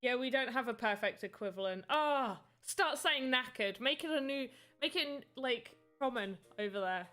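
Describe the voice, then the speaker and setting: British woman streamer, slightly high and bright voice, rambling casual chat, faint music underneath. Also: animated, normal speed, few pauses. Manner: chatty, rambling, reads and answers chat. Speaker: livestreamer making voxel art.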